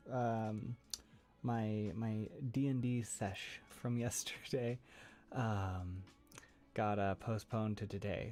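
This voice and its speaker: A man's mid-range voice with a darkish tone comes through a close mic setup. He's a streamer rambling casually on his livestream, laughing frequently and leaning on fillers and restarts.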